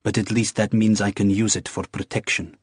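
A man reading aloud, voicing a haughty, defiant young woman with sharp, clipped retorts. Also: fairly low pitch, flat delivery, a little fast, slightly rough, no room sound, clean studio sound. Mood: bitter.

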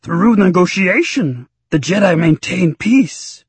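Ancient wise little master, voiced by a man: gravelly, raspy, slow, inverted sentences. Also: high voice, animated, no room sound, voice pushed up, heavily acted. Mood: calm. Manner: inverted word order, slow and measured. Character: small ancient male Jedi master, calm and wise.

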